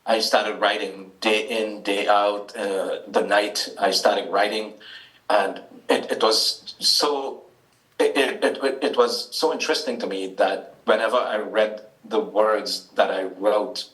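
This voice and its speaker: A lower-pitched man with a Trinidadian accent, speaking as an interview guest in an echoey room, set back from the microphone. He talks hesitantly, with many ums and restarts. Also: fairly even intonation, takes it slowly, fairly bright tone, distant mic. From Trinidad and Tobago. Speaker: author, guest. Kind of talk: interview answers.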